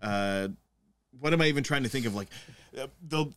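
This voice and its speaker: A man's voice: mid-range voice, a little fast, clear, resonant tone. A man co-hosting a podcast in casual chat, joking, swearing and rambling into asides. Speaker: podcast co-host.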